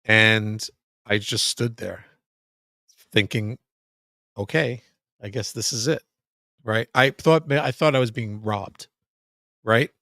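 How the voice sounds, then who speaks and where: A man's voice: fairly low pitch, takes it slowly, vocal fry, long pauses, pushed and bright, no room sound, clean studio sound. A man, a podcast guest, telling a long story in casual chat, profane and full of restarts. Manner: rambling, profane, frequent restarts.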